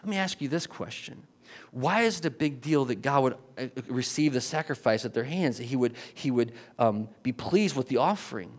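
A man's voice: medium pitch, lively intonation, normal speed. A middle-aged man preaching a sermon as a pastor, in a conversational way, often checking in with "right?" and restarting his sentences.

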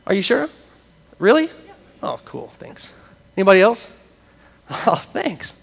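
High-voiced pastor preaching. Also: male voice, measured pace, creaky, husky, in a large hall. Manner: lively, conversational preaching with audience interaction. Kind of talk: sermon. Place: church sanctuary with congregation.

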